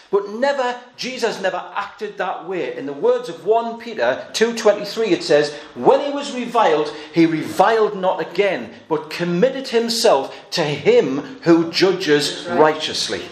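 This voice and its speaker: A man preaching a sermon, earnest and emphatic, slowing down to stress quoted verses. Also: high-pitched, echoey room.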